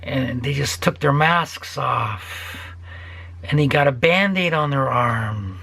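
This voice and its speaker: A man's voice: mid-range voice, slow, gravelly, sharp tone, husky. An older man who builds guitars, ranting profanely to his viewers and sometimes dropping into a whisper. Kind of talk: ranting vlog to camera.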